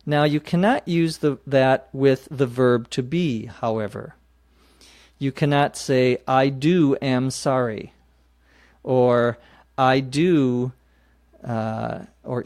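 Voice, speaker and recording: A man's voice: mid-range voice, fairly even intonation, slow, a little mellow, no room sound, clean studio sound. A man hosting an English-learning podcast, explaining phrases patiently and spelling words out letter by letter. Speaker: podcast host teaching English. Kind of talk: slow explanatory teaching.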